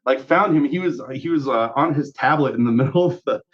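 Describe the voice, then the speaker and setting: A man, a guest musician, telling a story on a casual podcast in an animated way, acting out quotes and swearing freely. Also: mid-range voice, a little fast, dull audio.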